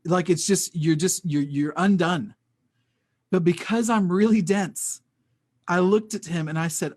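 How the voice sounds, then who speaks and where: A man's voice: high-pitched, measured pace, darkish tone. A man telling an earnest, emotional faith testimony as a podcast guest, often repeating his words. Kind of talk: personal faith testimony in conversation.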